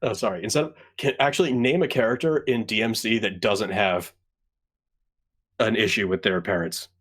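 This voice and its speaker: A man co-hosting a casual game-review chat, joking and animated as he tells stories. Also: on the low side, normal speed. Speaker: podcast co-host.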